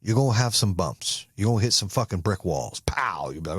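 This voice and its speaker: A man's voice: low-pitched, sing-song, a little fast, breathy edge, no room sound, studio quality. Intense, profane American man. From United States. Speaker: podcast host. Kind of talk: motivational monologue.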